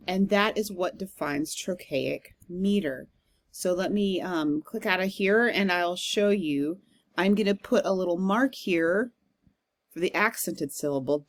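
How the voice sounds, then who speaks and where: A woman's voice: on the low side, unhurried, dry recording. A woman professor giving a recorded literature lecture, explaining step by step with frequent "um" fillers.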